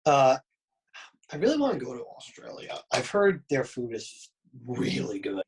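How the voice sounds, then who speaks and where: A man on a podcast, chatting casually and throwing in quick playful quips. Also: mid-range voice, very animated, creaky, a little hiss or hum, rough recording. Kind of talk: casual chat.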